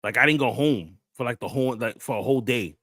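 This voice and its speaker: Brief: New guy, mid pitch, street slang storyteller, dry close mic. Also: fast, fairly bright tone, no echo. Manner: loose storytelling with crude slang, acts out quotes. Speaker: podcast host. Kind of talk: casual chat.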